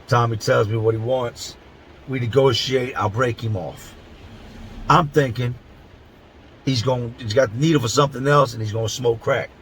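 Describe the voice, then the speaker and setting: The host, a middle-aged man from Philadelphia, shares a prison tale to camera in coarse street talk, stretching words to emphasize them. His voice is steady and medium-pitched at a moderate pace, with a little hiss or hum on the low-quality recording.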